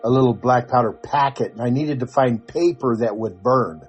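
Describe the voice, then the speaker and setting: A man's voice: medium pitch, moderate pace, breathy edge, soft background music. An older man co-hosting a podcast, telling a story in casual chat and acting out the dialogue. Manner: animated storyteller, acts out the dialogue. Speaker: podcast co-host.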